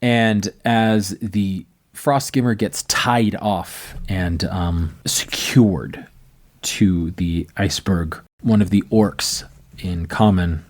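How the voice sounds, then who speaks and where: Man, deep voice, game master, filler-heavy narration. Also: slow. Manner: loose, rambling narration with many fillers.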